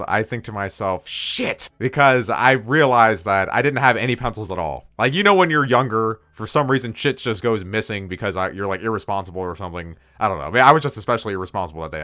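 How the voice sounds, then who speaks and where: A man's voice: on the low side, a bit bright, dry recording, studio quality. A young man casually telling a story from his school days, rambling off on tangents and cursing freely. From United States. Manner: rambling, digressive, swears a lot.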